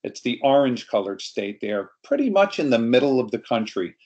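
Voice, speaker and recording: A man's voice: mid-range voice, sing-song, a little fast, darkish tone, highs cut off. A middle-aged storyteller tells a family tale in an easy, anecdotal way. He speaks to a group over a video call, as he would to a live audience. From New York.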